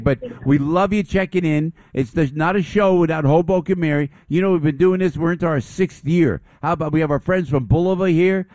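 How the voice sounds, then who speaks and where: A man's voice: fairly high pitch, a little mellow, no echo. Effusive male radio host, dry sound. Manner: effusive, gushing with praise and thanks. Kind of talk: live radio hosting.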